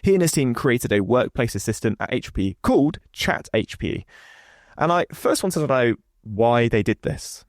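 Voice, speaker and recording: A man co-hosts a tech podcast in a playful, easygoing way and introduces the guest. His voice sits at an ordinary middle pitch. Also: sing-song, normal speed, no room sound, clean studio sound. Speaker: podcast co-host.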